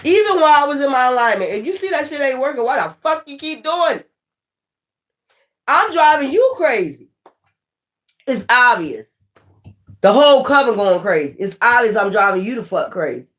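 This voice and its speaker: Animated, profane woman reading tarot. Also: high-pitched, moderate pace, pauses often. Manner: animated, profane, laughing often, talking straight to the viewer. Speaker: tarot reader. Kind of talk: casual spiritual tarot reading.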